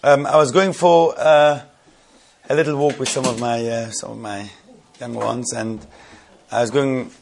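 A man's voice: medium pitch, fairly even intonation, unhurried, creaky, darkish tone, a little hiss or hum. A man from the London area telling a rambling, amused anecdote to friends. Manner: rambling, amused, often breaking into laughter. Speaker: storyteller. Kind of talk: casual anecdote told to friends.

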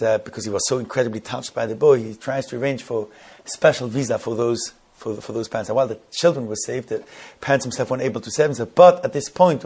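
A man telling a story in a sermon, halting and repeating words, building to emphatic questions. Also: medium pitch, a little mellow, slightly rough.

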